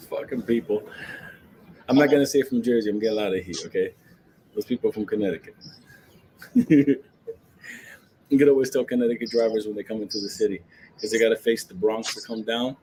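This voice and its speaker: A man's voice: lowish voice, brisk, pauses often, a little mellow, a little hiss or hum, poor audio. A man, ranting about the stock market to his viewers in a brash, profane, joking way, laughing often.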